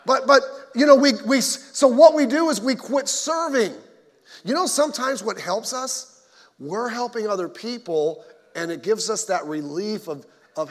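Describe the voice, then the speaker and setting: In a church sanctuary with long hall reverb, a pastor with a high, slightly slow voice preaches. His sermon is folksy and conversational, sprinkled with jokes for the congregation.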